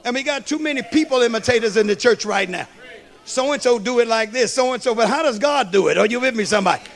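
A man preaching a sermon as a pastor, slow and emphatic, tossing in "amen" and questions to the congregation. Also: very high voice, fairly bright tone. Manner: preaching with call-and-response asides; slow, emphatic delivery with storytelling.

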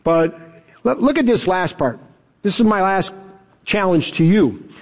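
A man preaching a sermon as pastor, emphatic and animated, chuckling now and then. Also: sits high, unhurried.

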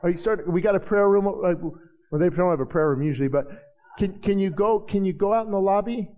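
High-voiced fervent preacher man, reverberant church. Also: quick pace, phone-quality sound. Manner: fervent preaching with repeated phrases. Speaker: pastor. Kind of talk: sermon. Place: church sanctuary.

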